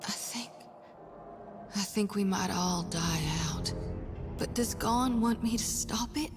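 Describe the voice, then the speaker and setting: A woman voicing a video game character, a haunted woman tormented by visions of death, speaking in a hushed, often half-whispered, foreboding way. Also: mid-range voice, slow, natural voice. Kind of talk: voiced video game dialogue. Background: game music.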